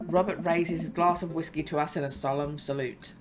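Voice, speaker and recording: A woman's voice: sits low, fairly even intonation, fairly quick, hardly any pauses. A woman streamer reading a dating game aloud with playful, jokey commentary. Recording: music playing underneath. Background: game music.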